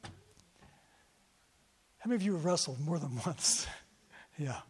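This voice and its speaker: A man's voice: fairly high pitch, very animated, slow pace, slight background noise. A man preaching a sermon to a congregation, telling his story with feeling and often repeating himself. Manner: emotional storytelling, repeats words. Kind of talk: sermon testimony. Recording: long hall reverb.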